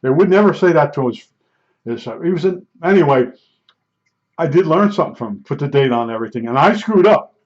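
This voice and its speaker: Man, 60s, mid-high voice, casual digressive storyteller, blunt and folksy; dull lo-fi audio. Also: animated, brisk. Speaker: vlogger. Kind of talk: casual rambling monologue. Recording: dull lo-fi recording.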